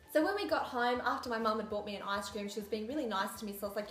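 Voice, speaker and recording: A young woman, her voice a touch high, chats through a story for her vlog and slips into sarcastic asides. The room rings with echo, and faint music plays underneath. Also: rapid-fire, few pauses, fairly bright tone. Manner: chatty, sarcastic, acts out quoted lines. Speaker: beauty vlogger.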